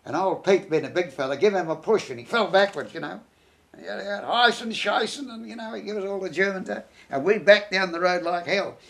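An older man, a war veteran, reminiscing in an interview in a halting, rambling way, full of restarts and tag phrases. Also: sits high, gravelly, fairly bright tone. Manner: rambling, halting, many restarts and "you know".

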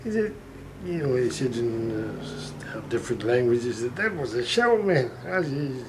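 Older veteran, ordinary mid voice, casual rambling recollection in an interview. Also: male voice, medium pitch, very animated, a little slow, a little mellow, a little hiss or hum, low-quality recording. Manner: loose, chatty storytelling with fillers. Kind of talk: reminiscing interview.

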